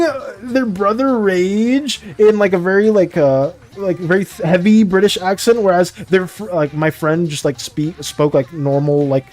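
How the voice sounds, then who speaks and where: A young man chatting casually with viewers on a live art stream, animated and apologetic, rambling with frequent restarts and laughs. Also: on the high side.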